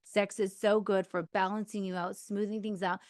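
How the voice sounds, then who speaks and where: A woman's voice: mid-range voice, little pitch movement, moderate pace, no room sound, clean studio sound. A woman in her thirties hosting a podcast, giving candid, chatty advice with lots of fillers. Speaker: podcast host. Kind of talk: casual advice monologue.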